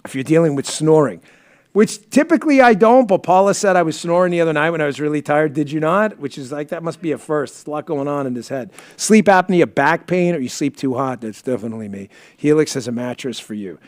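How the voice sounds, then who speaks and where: A man hosts his live podcast from a studio, talking in an animated, storytelling way. He sniffles and sounds emotional. His voice sits a little high, and the room sound is dry and close. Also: a little fast, no echo. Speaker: podcast host. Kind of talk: emotional live-stream talk and ad read.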